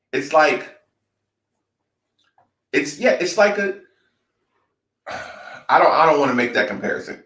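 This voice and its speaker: Gravelly, unhurried man in an echoey room. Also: medium pitch, bright, forceful tone. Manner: blunt and emphatic, repeats his points, swears. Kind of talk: candid talk-show conversation.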